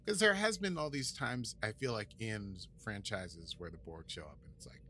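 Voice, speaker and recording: Playful man with a lively voice. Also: fairly low pitch, normal speed, slight background noise. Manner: playful, joking, lively delivery. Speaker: podcast co-host. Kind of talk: casual podcast chat.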